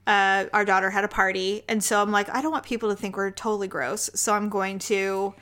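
A woman's voice: medium pitch, a little fast. A middle-aged woman co-hosting a podcast, telling stories in casual chat, acting out quotes and swearing freely. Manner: animated storyteller, acts out quotes, swears freely. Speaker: podcast co-host.

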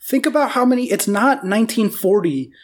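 An American podcast host in casual football chat, talking fast and ranting, swearing freely and filling speech with "like". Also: medium pitch, expressive.

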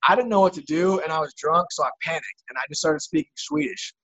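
Young male guest, husky and forceful, loose and profane, heavy on filler. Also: a little high, animated, quick pace. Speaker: touring musician guest. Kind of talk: casual storytelling chat.

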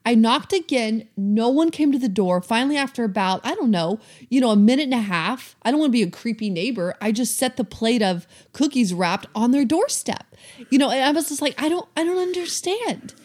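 A woman's voice: fairly high pitch, animated, brisk, a little mellow. A woman co-hosting a casual chat, telling stories and reflecting in an earnest way. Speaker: podcast co-host.

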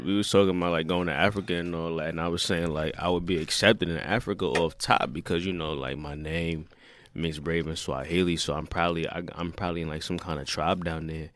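A young man chatting casually as a podcast co-host, telling stories in a relaxed way. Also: deep voice.

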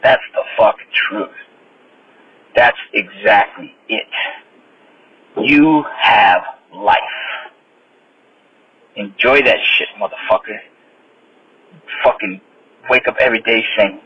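A man's voice: fairly low pitch, unhurried, long pauses. Blunt, swearing man ranting on a podcast. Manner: blunt, swears constantly, frustrated. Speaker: podcast host. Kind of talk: profane motivational rant. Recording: slightly dull sound with faint noise.

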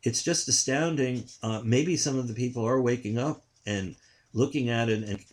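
A man's voice: medium pitch, normal speed. An older man, a journalist, giving indignant political commentary in a rambling way, with frequent restarts.

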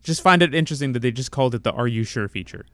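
A man co-hosts a relaxed chat show, reading quirky news aloud and tacking on dry, wry remarks. His voice is smooth and clear. The sound is dry and close, with no room around it. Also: medium pitch, rapid-fire, no echo. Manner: wry, reads news items aloud then comments. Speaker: podcast co-host. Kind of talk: casual chat.

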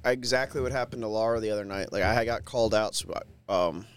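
A man's voice: on the low side, quick pace, smooth. A man co-hosting a podcast in casual chat, teasing his friend and telling stories bluntly with some swearing. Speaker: podcast co-host.

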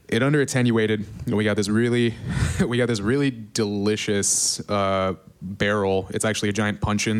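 Rambling male brewer telling a story. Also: fairly low pitch. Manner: rambling, full of likes and ums. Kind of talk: casual podcast storytelling.

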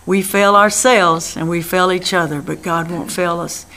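A woman giving a radio sermon, earnest and prayerful, repeating her phrases and often dropping to a soft hush. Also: lowish voice, steady tone, normal speed. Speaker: radio minister.

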